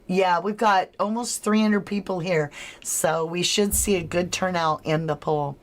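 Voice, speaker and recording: A woman hosting a true-crime livestream, chatting with viewers, reading their comments aloud and running a poll, laughing often. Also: fairly low pitch. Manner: chatty and unhurried, laughs often, drawn-out words. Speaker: livestream host.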